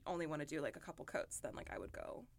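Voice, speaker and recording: A woman's voice: deep voice, fast, a little hiss or hum. A young woman co-hosting a podcast, chatting animatedly about makeup with lots of fillers. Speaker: podcast co-host. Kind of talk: casual beauty chat.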